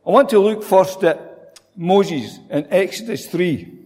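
A man's voice: sits high, lively intonation, slow pace, a little mellow. A man preaching a sermon in a conversational way, asking rhetorical questions. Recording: long hall reverb.

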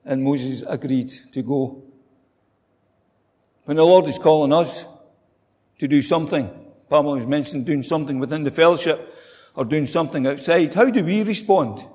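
A man's voice: on the high side, moderate pace, pauses often, a little mellow. A man preaching a sermon in a conversational way, asking rhetorical questions. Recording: long hall reverb.

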